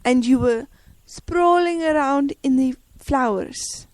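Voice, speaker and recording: A woman's voice: high voice, slow, darkish tone, no echo. A woman from Africa, co-hosting a jokey podcast in a playful, rambling way. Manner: playful, rambling, mock-serious. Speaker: podcast co-host.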